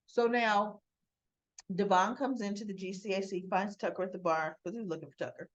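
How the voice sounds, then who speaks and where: A woman talks through a soap opera episode in a casual, rambling way, acting out bits of dialogue along the way. Her pitch sits at a middling level, and the recording sounds dull and lo-fi. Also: fairly even intonation, brisk. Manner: chatty, rambling retelling with acted quotes. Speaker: soap opera recap vlogger. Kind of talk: casual recap chat.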